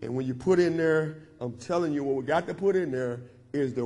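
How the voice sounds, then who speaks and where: A man's voice: a little high, brisk, hardly any pauses, dark tone. A man preaching a sermon as pastor, repeating lines in call-and-response style. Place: church sanctuary. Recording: long church hall reverb.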